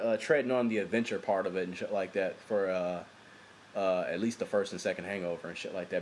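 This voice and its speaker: A man chatting casually about movies, swearing a lot, laughing often and acting out scenes in quick put-on voices. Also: fairly low pitch, darkish tone, a little hiss or hum. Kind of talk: casual profane movie chat.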